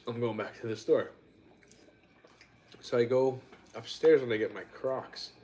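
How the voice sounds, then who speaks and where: A man's voice: medium pitch, measured pace, dark tone. A man hosting a casual live-stream chat, telling stories bluntly and wryly and swearing freely. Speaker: host.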